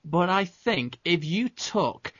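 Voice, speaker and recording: A man with a slightly high voice talks movies in a casual chat, hedging and working through his thoughts with restarts. The sound is dry and close, with a dull lo-fi quality. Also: very animated, slow pace, fairly bright tone, husky, dry recording. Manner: hedging, thinks aloud, full of restarts. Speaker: podcast co-host.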